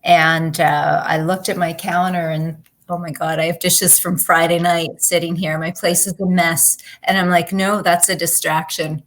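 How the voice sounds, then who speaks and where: A woman guest in a reflective personal chat, speaking in a halting way and searching for her words. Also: fairly low pitch, level tone, a bit bright. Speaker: guest co-host.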